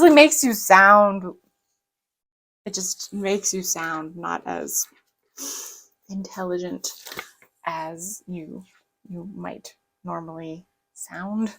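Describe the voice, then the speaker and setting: A woman's voice: on the low side, takes it slowly, creaky, long pauses, a bit bright, rough recording. A woman with a light Southern US accent, rambling in a chatty, casual way while she works on a planner. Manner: rambling, chatty, lots of fillers. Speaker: planner vlogger.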